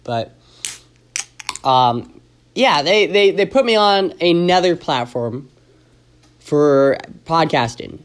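A man's voice: fairly high pitch, animated, slow pace, pauses often. A man hosting his own podcast in a casual, rambling, joking chat, full of fillers and restarts. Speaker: podcast host.

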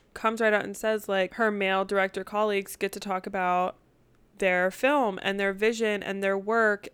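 A young woman co-hosting a podcast, chatting earnestly and walking through points in a measured way. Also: medium pitch, fairly bright tone, clear, resonant tone, no room sound. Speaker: podcast co-host. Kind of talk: casual chat.

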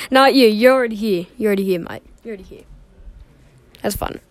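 A teenage podcast host in casual chat, rambling, joking and swearing a lot. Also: female voice, mid-range voice, fairly quick, dry recording. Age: teens. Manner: rambling, swears a lot, jokey fake Australian slang.

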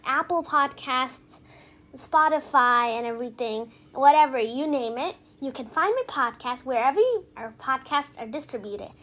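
Chatty high-voiced woman podcaster. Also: fairly bright tone. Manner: chatty and upbeat, with lots of "like" and "so". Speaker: podcast host. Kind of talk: casual tips talk.

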